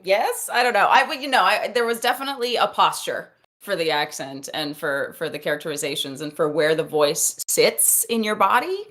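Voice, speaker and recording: A woman chats casually over a video call, trailing through fillers as she works out what to say. Her voice is a bit low for a woman. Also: expressive, moderate pace, few pauses, fairly bright tone. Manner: casual and searching, many fillers. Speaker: voice actor guest.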